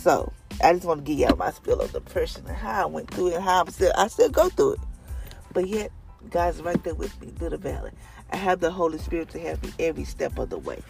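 A woman's voice: fairly low pitch, very animated, fairly quick, gravelly, a little mellow, soft background music. A woman leading a devotional, sharing a personal testimony in an earnest, conversational, prayerful way. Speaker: devotional leader.

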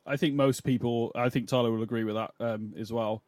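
A man co-hosting a wrestling podcast, talking casually and quickly, hedging often as he makes his points. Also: mid-range voice, steady tone, darkish tone, dry recording. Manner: quick, conversational, hedging with "I mean". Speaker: podcast co-host.

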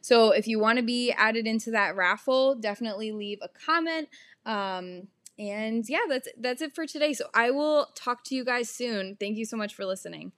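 A woman's voice: on the high side, normal speed, fairly bright tone. A young woman hosting a solo fitness podcast, talking casually with frequent "um" and "you know" fillers. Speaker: podcast host and fitness coach.

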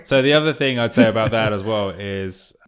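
Male co-host, fairly low voice, relaxed, leads through points. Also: a little fast, smooth. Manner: relaxed, conversational, presents numbered points. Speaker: podcast co-host. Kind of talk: casual podcast chat.

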